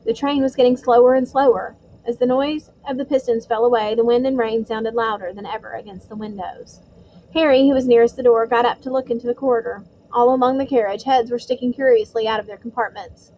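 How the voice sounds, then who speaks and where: Woman narrator for a novel reading, fairly high, expressive, small stumbles, faint hiss. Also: fairly quick, lo-fi sound. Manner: expressive storytelling with occasional slips.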